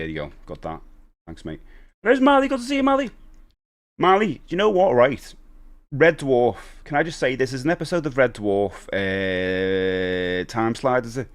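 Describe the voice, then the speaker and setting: A middle-aged man from Liverpool with a Scouse accent, chatting in a rambling way while live-streaming a retro game and giving upbeat shout-outs to viewers. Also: mid-range voice. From Liverpool, England. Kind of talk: casual live-stream chat.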